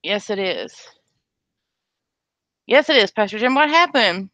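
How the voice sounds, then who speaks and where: A woman's voice: medium pitch, expressive, a little slow, fairly bright tone, no room sound. Woman, casual livestream host, blunt, sarcastic, chatty.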